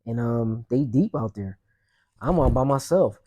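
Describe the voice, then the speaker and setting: Young male host, mellow low timbre, rambling casual street storytelling. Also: animated, measured pace. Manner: loose, rambling street slang with many fillers. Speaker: podcast host.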